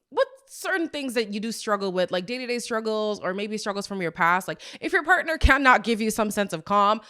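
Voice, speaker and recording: A woman hosting a podcast, recapping a reality show in a sassy, exasperated, chatty way. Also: fairly high pitch. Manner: animated, sassy, exasperated asides. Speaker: podcast host. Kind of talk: casual recap commentary.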